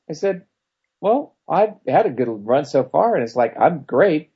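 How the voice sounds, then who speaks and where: A man's voice: on the high side, big pitch swings, normal speed, breathy edge. A man in casual conversation, telling wry anecdotes and acting out the people he quotes. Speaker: co-host. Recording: dull lo-fi sound.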